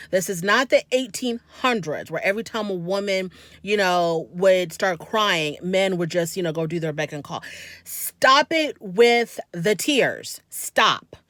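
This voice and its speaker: A woman's voice: fairly low pitch, unhurried, a bit bright, no echo, clean studio sound. A woman hosting a casual recap of a reality TV episode, chatty and opinionated, talking straight to her viewers. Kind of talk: casual commentary.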